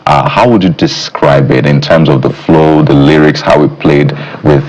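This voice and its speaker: A man with a very deep, husky voice hosts a television interview and asks his questions with hesitant "uh"s and restarts. The sound is muffled and lo-fi. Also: steady tone, moderate pace, darkish tone. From Nigeria. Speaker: TV show host. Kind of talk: studio interview.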